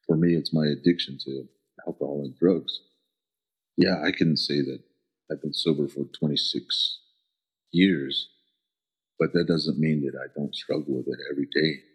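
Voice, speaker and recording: A middle-aged man from the American Southwest telling personal stories as an interview guest, earnest and halting, often pausing to search for words. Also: very deep voice, fairly even intonation, breathy edge. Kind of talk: reflective personal storytelling. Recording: dull lo-fi recording.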